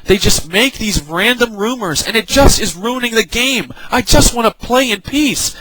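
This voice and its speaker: A man's voice: very high-pitched, moderate pace, hardly any pauses, noisy background. A young man giving an angry, exasperated rant about an online game, swearing and mocking other players with sarcasm. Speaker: gaming vlogger.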